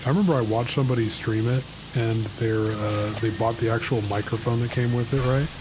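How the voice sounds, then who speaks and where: A man's voice: medium pitch, fairly even intonation, brisk. A man co-hosting a gaming stream, chatting in a dry, teasing way. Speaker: co-host. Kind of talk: casual chat while gaming. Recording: clear background hiss.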